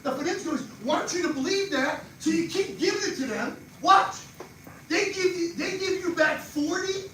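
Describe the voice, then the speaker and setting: An older man with a New Jersey accent gives a live money seminar. He talks fast and animated and quizzes people in the audience. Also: extremely high pitch. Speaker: financial speaker. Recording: echoey far-off room mic with noise.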